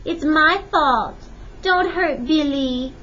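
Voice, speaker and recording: A woman's voice: high-pitched, big pitch swings, moderate pace, bright, forceful tone, voice pushed up, heavily acted. A woman voicing a spirited, hot-tempered little frontier girl in an earnest, childlike voice, on a dull lo-fi recording. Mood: pleading.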